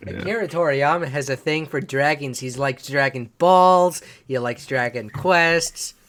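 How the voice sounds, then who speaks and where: A man's voice: on the high side, a little slow, a bit bright, slight background noise. A man hosting a casual game-news podcast, rambling and correcting himself as he goes. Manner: rambling, self-correcting, chuckles at own slips. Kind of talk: casual chat.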